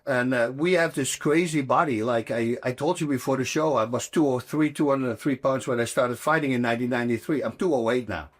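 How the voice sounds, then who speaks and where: A man in his sixties from the Netherlands with a Dutch accent, telling stories as a guest in a casual interview, emphatic and animated, with non-native phrasing. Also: mid-range voice, fairly quick, hardly any pauses. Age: 60s. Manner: animated, emphatic storyteller with broken English phrasing.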